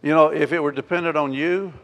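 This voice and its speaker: A male pastor preaching a sermon. He swings between loud, emphatic declarations and quiet, intimate asides, and asks the congregation rhetorical questions. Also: fairly high pitch, fairly even intonation, fast talker. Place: church sanctuary. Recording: long hall reverb.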